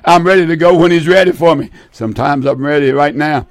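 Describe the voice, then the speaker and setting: An older man preaching a fervent sermon, pleading and repeating phrases, often trailing off low at the ends of lines. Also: brisk, dry recording, studio quality. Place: seated indoors.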